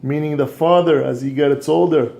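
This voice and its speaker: A man teaching a scripture lesson, telling a moral story in an animated way with frequent restarts. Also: on the high side, normal speed, gravelly. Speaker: religious teacher and coach.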